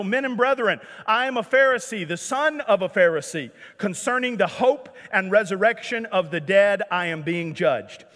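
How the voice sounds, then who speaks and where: High voiced guy preaching, lively and playful, church hall with long echo. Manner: animated, jokey, acts out scripture scenes. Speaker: pastor. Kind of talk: sermon. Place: church sanctuary.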